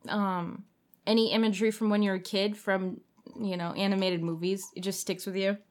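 A woman co-hosting a casual podcast, reading a spooky story aloud and chatting with lively, rambling asides. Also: mid-range voice, moderate pace. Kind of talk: casual chat.

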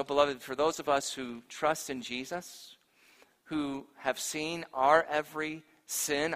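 A male pastor preaching a sermon, earnest and emphatic, moving between forceful proclamation and gentle appeal to his congregation. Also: mid-range voice, big-room sound.

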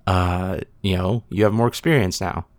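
A man's voice: deep voice, steady tone, moderate pace. A man co-hosting a podcast, chiming into a casual video game chat with dry, questioning remarks.

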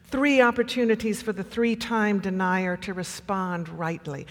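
A pastor preaching a sermon with measured delivery and dramatic pauses. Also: mid-range voice, fairly even intonation, a bit bright, in a large hall.

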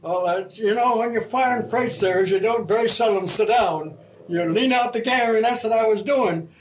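An older man, a retired railroad fireman, telling an oral history story in a slow, halting, folksy way. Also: high voice, lo-fi sound, a little hiss or hum.

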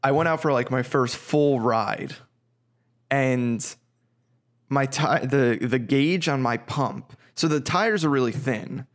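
A man's voice: medium pitch, slow pace. A man co-hosting a podcast, casually rambling through a story and swearing freely. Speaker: podcast co-host. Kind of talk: casual chat.

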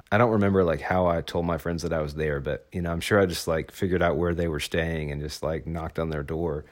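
A young adult man from Arkansas, telling a personal story in a casual, rambling way with lots of fillers. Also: low voice. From Arkansas, USA. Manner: relaxed, rambling with many fillers.

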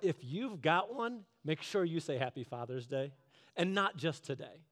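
Male preacher with a high voice and an earnest, chatty sermon delivery. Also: animated, normal speed, fairly bright tone. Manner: earnest, chatty storytelling with laughs. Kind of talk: conversational sermon.

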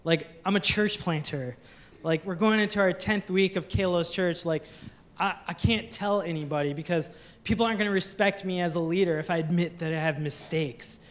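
A man with a notably high voice preaches in a conversational, open way, often restarting his sentences. He is a pastor delivering a sermon to his church. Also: normal speed, fairly bright tone.

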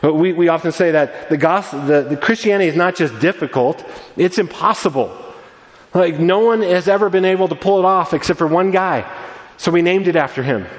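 Pastor, male, higher-pitched voice, preaching earnestly to a congregation; long room reverb. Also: a little fast. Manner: earnest, animated preaching with frequent restarts. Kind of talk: sermon.

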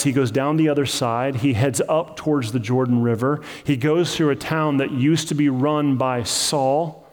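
A man's voice: mid-range voice, long reverb tail. A man preaching a sermon as pastor, in a conversational, emphatic style that acts out the story.

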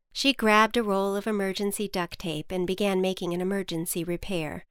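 A woman hosting a podcast and narrating a storybook tale in a playful, expressive way, with emphatic comic pauses. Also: medium pitch, smooth, no echo, clean studio sound.

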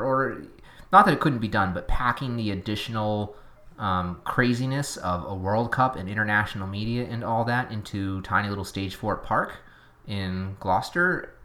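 Bright-voiced Boston man chatting. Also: medium pitch. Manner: chatty and opinionated, trailing into tangents. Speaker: podcast co-host. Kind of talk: casual podcast chat.

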